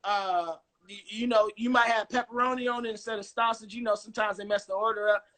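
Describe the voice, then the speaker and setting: A man from Chicago talking on a video call in a casual, animated, joking way and swearing freely. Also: high voice, quick pace. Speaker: guest musician.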